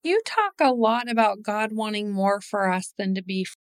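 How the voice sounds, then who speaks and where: A woman's voice: mid-range voice, animated, normal speed, clean tone, dry recording, clean studio sound. A woman hosting a faith conversation, asking reflective questions and thinking aloud. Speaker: host, pastor at the church. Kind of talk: interview conversation.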